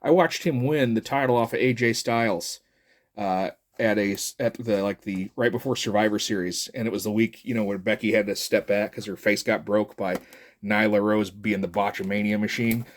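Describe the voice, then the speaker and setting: A man's voice: fairly low pitch, fairly even intonation, moderate pace. Rambling middle-aged man. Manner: rambling and jokey, with many fillers. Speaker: toy reviewer. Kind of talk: casual chat.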